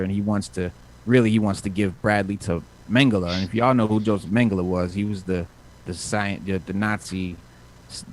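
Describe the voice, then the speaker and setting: Low-voiced man rambling through a comic recap. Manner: rambling, many fillers and restarts. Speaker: podcast host recapping comics. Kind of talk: casual chat.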